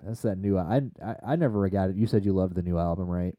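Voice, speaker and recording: A man co-hosting a podcast in casual chat, rambling and swearing freely with excited tangents. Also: low voice, fast, dry recording, muffled recording. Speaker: podcast co-host.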